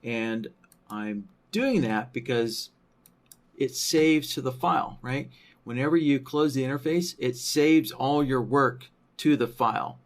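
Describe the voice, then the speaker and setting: A man walks viewers through trading software at an unhurried pace, thinking aloud as he goes. His voice sits at a middle pitch, and he keeps checking in with a habitual "right?". His explanations are padded with "you know" and "um". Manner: thinking aloud, frequent tag question "right?"; many fillers like "you know" and "um". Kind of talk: screen-recorded software tutorial.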